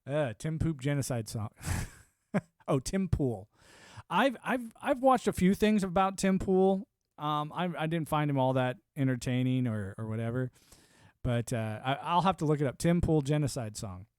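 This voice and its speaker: A man's voice: fairly high pitch, expressive, a little slow, clear, resonant tone, no room sound, studio quality. A young man hosting a livestream, rambling sardonically through a casual political rant and swearing freely. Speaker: livestream host.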